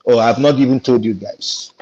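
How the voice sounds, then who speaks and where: A man's voice: mid-range voice, moderate pace, a little mellow, highs cut off, a little hiss or hum. A Nigerian man talking with indignation on a discussion panel, telling a story and acting out the dialogue. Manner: indignant, tells stories with quoted dialogue. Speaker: panel guest.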